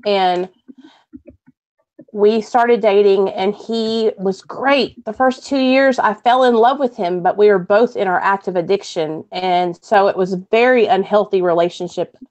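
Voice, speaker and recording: A woman guest recounting her own hard past, emotional and halting. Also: mid-range voice, darkish tone. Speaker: guest sharing her story. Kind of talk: personal testimony on a stream.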